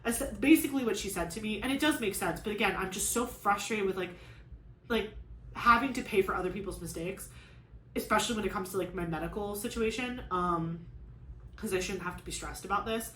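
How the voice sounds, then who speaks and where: A woman's voice: mid-range voice, a little fast, a bit bright, a little hiss or hum. A woman hosting a crafting vlog, chatting casually and venting with frustration, peppering her talk with "like". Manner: rambling, lots of "like", frustrated venting. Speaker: crafting channel host. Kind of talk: casual chat while crafting. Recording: echoey room with faint ambience.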